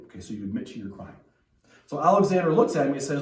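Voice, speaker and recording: A man's voice: medium pitch, big pitch swings, quick pace, darkish tone. Male pastor, echoey and distant. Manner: conversational, with many restarts and tag questions. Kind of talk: sermon. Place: church.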